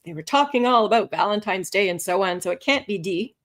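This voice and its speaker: A woman instructor teaching a live online lesson, animated and expressive, with swooping pitch and frequent laughter. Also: fairly quick. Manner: laughs often. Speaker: language test instructor.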